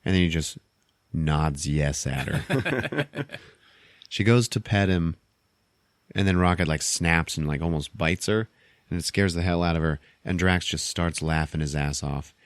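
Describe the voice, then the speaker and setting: A man with a fairly low voice runs through a film's plot for his podcast, loose and offhand, dropping the odd swear. He is close on the mic in a dry room with no echo. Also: measured pace, pauses often. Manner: offhand, profane retelling. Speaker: podcast host. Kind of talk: casual movie recap.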